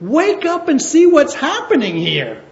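A fed-up ancient apostle, a man, shouts and pleads with his crowd to wake up, his voice jumping high as a preacher acts him out. The sound is roomy and a bit dull. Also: huge pitch swings, unhurried, vocal fry, heavily acted. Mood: exasperated. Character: exasperated ancient male apostle scolding a crowd.

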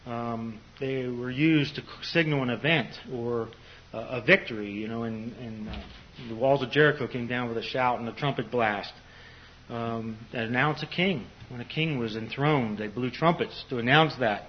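A man's voice: mid-range voice, normal speed, a little hiss or hum. Older man giving a loose Bible talk. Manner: conversational, many "you know" fillers and restarts. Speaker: preacher. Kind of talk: informal Bible teaching. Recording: slightly dull lo-fi recording.

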